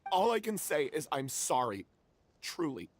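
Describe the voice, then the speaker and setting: A man's voice: fairly high pitch, sing-song, a little slow. An actor voicing a remorseful male troupe member who confesses his mistake and blames himself. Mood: despairing. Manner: confessional, self-reproaching. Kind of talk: game voice acting.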